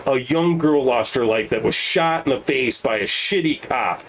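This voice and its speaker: Podcast dude ranting about politics, swears a lot, gets loud and pushy, faint hiss behind. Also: male voice, medium pitch, normal speed, hardly any pauses. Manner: heated, profane, rising into emphatic outbursts. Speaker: podcast co-host. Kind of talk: casual political chat.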